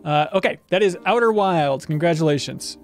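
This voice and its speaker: A man with a high voice hosts a live trivia stream, calling out answers in a bright, game-show manner. Faint music plays behind him. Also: expressive, moderate pace. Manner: upbeat, announcer-like reveals of answers. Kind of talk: livestream game show hosting.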